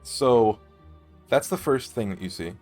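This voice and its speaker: A man's voice: mid-range voice, lively intonation, a little slow, music in the background. A man narrating casually as game master in a tabletop game, with frequent swearing.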